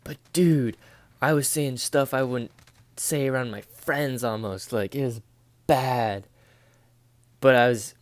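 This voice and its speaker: A man's voice: mid-range voice, no room sound. A young man telling a casual life story in a slangy, profane way, full of dude and bro. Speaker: storytelling vlogger.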